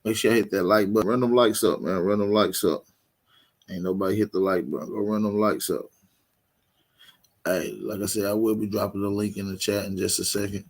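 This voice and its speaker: A man chats casually to his livestream audience in a laid-back way, repeating his calls for likes. His voice sits low. His delivery stays flat and even. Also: a little fast. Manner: laid-back, repetitive hype to viewers. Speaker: livestream host.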